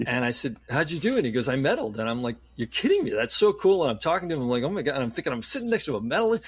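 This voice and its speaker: A middle-aged man hosting a podcast, asking meandering questions with restarts and telling lively anecdotes. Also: medium pitch, very fast, breathy edge, dry recording. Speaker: podcast host. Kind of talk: casual interview chat.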